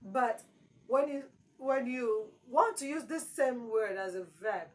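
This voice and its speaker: A woman's voice: fairly high pitch, slow pace, rough recording. A woman teaching exam prep, repeating key words with strong emphasis. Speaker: English teacher.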